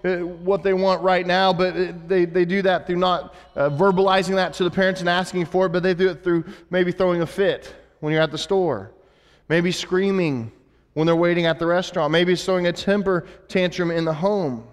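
A man's voice: high-pitched, fairly even intonation, moderate pace, long reverb tail. A man giving a conversational sermon as a pastor, with frequent restarts and asides.

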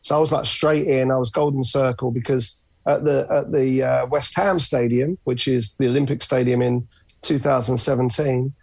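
A man's voice: mid-range voice, fairly even intonation, normal speed, gravelly, breathy edge, dry recording. A man with a North London accent, a podcast guest telling stories in a chatty, easygoing way. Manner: chatty storyteller, many uh fillers. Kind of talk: casual podcast chat.

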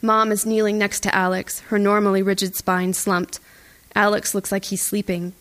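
A woman reading a first-person audiobook in a tense, even storytelling voice. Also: medium pitch, normal speed. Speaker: audiobook narrator. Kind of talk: first-person scripted narration.

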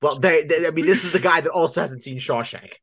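A man's voice: fairly high pitch, fast talker, fairly bright tone, no room sound, clean studio sound. A man co-hosting a casual fantasy football podcast, teasing his partner in a playful way. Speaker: podcast co-host.

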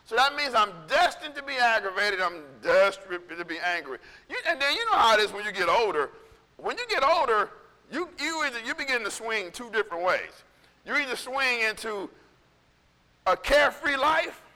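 A male pastor preaching in a casual storytelling way, animated and conversational, acting out what people said. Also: very high-pitched, normal speed, in a large hall. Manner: animated, conversational, acts out quotes. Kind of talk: storytelling sermon.

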